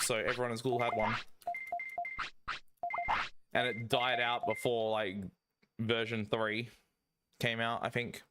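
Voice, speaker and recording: A man, chatting casually while streaming a speedrun, rambling and excitable with lots of swearing and fillers. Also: medium pitch, normal speed, long pauses, heavy background noise. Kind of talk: casual chat while playing. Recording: game music playing behind. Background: video game music.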